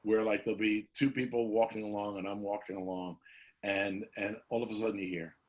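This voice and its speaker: A man's voice: on the low side, brisk, gravelly. A radio personality man in a casual comedic chat over a video call, laughing often as he tells stories. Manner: laughs often, animated storytelling.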